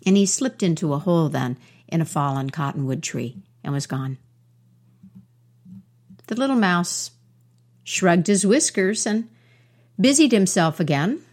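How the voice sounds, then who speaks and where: Woman telling a folk tale, slow and gentle, lowish voice. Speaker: storyteller. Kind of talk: oral storytelling.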